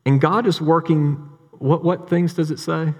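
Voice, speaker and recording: A man preaching a sermon as a pastor, talking in a conversational way and telling stories with lively, repeated words. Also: on the high side, measured pace. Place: church sanctuary. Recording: long hall reverb.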